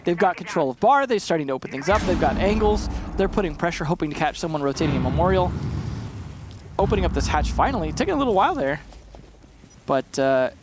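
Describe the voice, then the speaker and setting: A man's voice: fairly high pitch, animated, fast, background noise. Chatty male esports color commentator. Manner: chatty, analytical, laughs easily. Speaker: esports caster.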